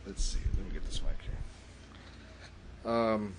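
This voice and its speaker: A man who is a paranormal investigator tells a story in a relaxed, easygoing way as a guest in a studio interview. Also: lowish voice, measured pace, noisy background. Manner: relaxed, drawling, quotes friends in conversation. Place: radio studio.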